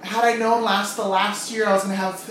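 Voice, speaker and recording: A woman's voice: medium pitch, level tone, a little fast. Woman, casual podcast chat, blunt and teasing, echoey room, set back from the mic. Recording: echoey room, mic at a distance, faint noise.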